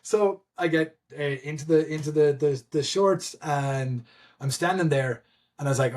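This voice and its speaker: A man telling a story in a casual podcast chat, animated and laughing, with many fillers and restarts. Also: a little high, moderate pace. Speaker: guest, event admin.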